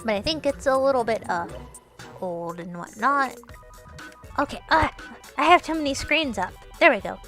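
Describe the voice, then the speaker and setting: A woman's voice: fairly high pitch, animated, moderate pace, long pauses, a bit bright, faint music behind. A woman talking through her game in casual, playful commentary, chatty and narrating her own moves, with bursts of teasing mock scolding. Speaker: gaming streamer.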